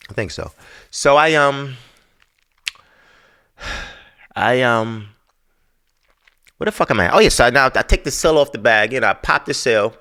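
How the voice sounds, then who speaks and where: A man's voice: mid-range voice, expressive, measured pace, long pauses, bright, forceful tone, clear, resonant tone. A man hosting a podcast, telling a story in a casual, profane, exasperated rant. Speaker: podcast host.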